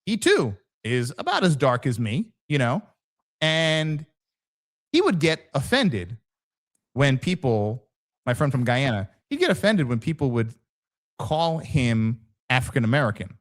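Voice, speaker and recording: A man's voice: mid-range voice, very animated, unhurried. A man hosting a podcast in casual conversation, telling stories with animation and acting out the voices of people he quotes. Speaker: podcast host, former police officer.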